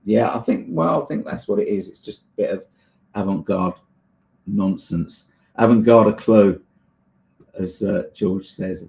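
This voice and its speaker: A man's voice: on the low side, unhurried, vocal fry, darkish tone, a little hiss or hum. A man hosting a livestream, chatting casually and answering viewers with many fillers and laughs. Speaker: livestream host reading chat. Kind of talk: casual chat.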